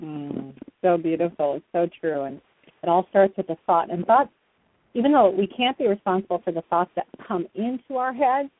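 A woman's voice: fairly low pitch, no echo. A woman hosting a radio interview, affirming and agreeing readily as she leads the conversation. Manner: affirming, quick to agree and laugh along. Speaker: radio show host. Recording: tinny phone line, dry.

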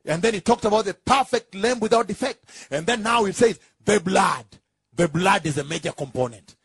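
Husky high-voiced man preaching a sermon. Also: no room sound, clean studio sound. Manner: emphatic and repetitive, rising into drawn-out shouts; asks the congregation for confirmation.

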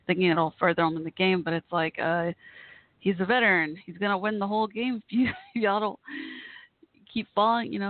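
In a mid-range voice, a woman hosts a casual live internet radio chat show, gushing, emotional, and rambling as she goes. The audio is dry, tinny, and phone-like, without echo.

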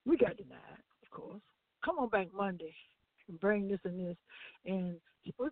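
Woman, gospel radio co-host, animated testimony, dry phone-line audio. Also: medium pitch, no room sound. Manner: animated storytelling with laughs and acted-out quotes. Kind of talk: testimony on a gospel talk show.

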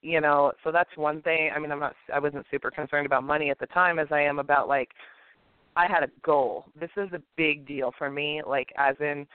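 A woman co-hosting a podcast, telling a personal story in a casual, animated way and acting out the people in it. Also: deep voice, brisk, clear, resonant tone, dry recording. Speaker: podcast co-host. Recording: tinny phone-line sound.

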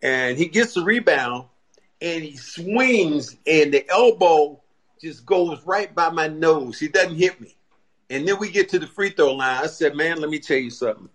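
Older man, former player, high voice, animated storytelling, colloquial, repeats words. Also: measured pace. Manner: animated storyteller, slips into acted quotes. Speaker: former pro basketball player, guest analyst. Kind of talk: casual sports podcast chat.

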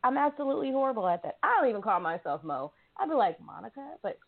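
A woman's voice: mid-range voice, sing-song, fast. Chatty Southern woman hosting on a tinny line. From South Carolina, US. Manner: chatty, teasing, addresses listeners as y'all. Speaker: show host. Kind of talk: casual talk show chat.

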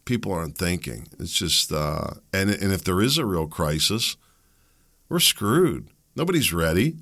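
A man's voice: deep voice, expressive, measured pace, pushed and bright. A man hosting a solo commentary show, rambling and opinionated, with sardonic asides. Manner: rambling, opinionated, sardonic, with mocking put-on quotes. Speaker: podcast host.

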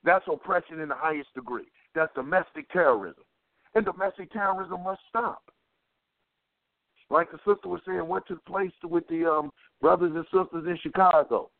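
A man's voice: on the high side, normal speed, creaky, no room sound. A man giving impassioned talk-radio commentary, with a fervent, preacher-like cadence and lots of repetition. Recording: tinny phone-line sound.

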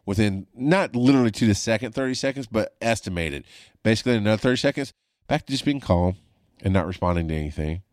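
Middle-aged male paramedic host, low-voiced, swears freely, animated storyteller. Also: fast, no echo, clean studio sound. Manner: animated, profane, voice jumps high when reenacting panic. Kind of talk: casual storytelling monologue.

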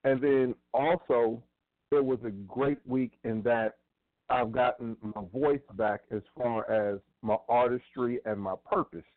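A man co-hosting a radio talk show who speaks in a measured, reflective way. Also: medium pitch, steady tone, no echo. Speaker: radio co-host. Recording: phone-like narrow sound.

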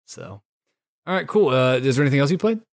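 A man hosting a casual gaming podcast, laid-back and quick to swear, tossing in slang like "dude" and "son". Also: mid-range voice, sing-song, vocal fry. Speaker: podcast host. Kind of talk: casual chat.

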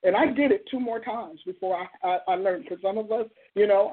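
A woman's voice: medium pitch, fairly quick, breathy edge. A woman in her sixties, a pastor hosting a live call-in show, counseling a caller and praying in an emphatic, repetitive preaching cadence. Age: 60s. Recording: tinny phone-like sound.

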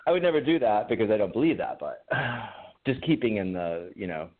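A podcast co-host with a lowish, slightly rough, animated voice chats casually at normal speed, rambling, joking, and laughing often. The audio sounds like a phone call.

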